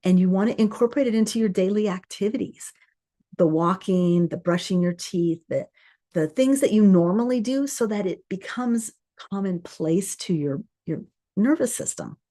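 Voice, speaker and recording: Earnest coaching woman with a mellow voice. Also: medium pitch, expressive, moderate pace. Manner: earnest and conversational, with many fillers and restarts. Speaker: course host. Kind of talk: coaching talk to a live group.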